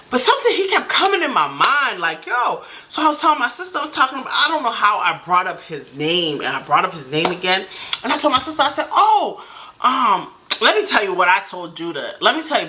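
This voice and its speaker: A woman telling a personal story to camera in a casual, animated way, acting out what others said. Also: medium pitch. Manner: animated, acts out quotes in voices. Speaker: storytime vlogger.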